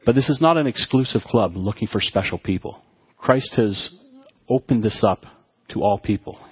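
A man preaching a sermon to his congregation, often halting and restarting his words as he talks. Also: lowish voice, husky, no room sound, highs cut off. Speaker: pastor.

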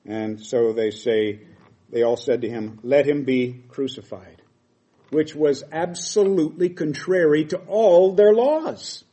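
A man's voice: fairly high pitch, measured pace, mellow. A middle-aged man preaching a sermon, reading scripture aloud and explaining it with emphatic quoted lines.

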